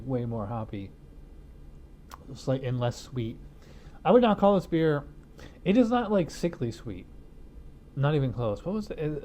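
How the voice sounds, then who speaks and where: A mellow, medium-pitched male voice comes through with a faint hiss or hum. He's loosely reviewing a beer at home in his studio, rambling with fillers and false starts and chuckling at his jokes, recorded on a wireless lapel mic hidden behind a studio mic.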